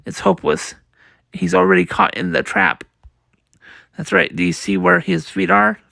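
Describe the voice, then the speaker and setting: A man voicing a smug, scheming male villain in a slow, gloating comic reading. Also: sits high, steady tone, gravelly, sharp tone, dry recording, clean studio sound, exaggerated voice.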